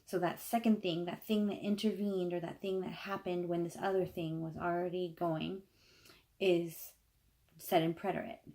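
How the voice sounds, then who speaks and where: A woman giving a patient spoken grammar lesson, slowing down to stress key words. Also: fairly low pitch, level tone, dark tone. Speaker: language teacher.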